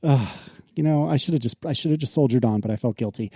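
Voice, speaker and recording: A man co-hosting a podcast in casual chat, animated and quick to laugh, with exasperated protests. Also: mid-range voice, husky, dry recording, studio quality. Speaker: podcast co-host.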